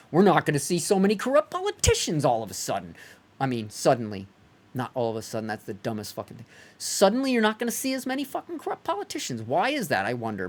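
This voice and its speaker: A man ranting heatedly and profanely during a game live stream, sometimes mocking others in put-on voices. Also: sits high. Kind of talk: live-stream rant while gaming.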